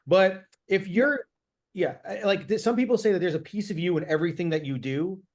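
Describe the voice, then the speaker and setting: A male host asking questions in a relaxed interview, stopping and restarting as he works his way through them. His voice sits a touch higher than most men's. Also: brisk. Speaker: host, improviser. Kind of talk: casual interview.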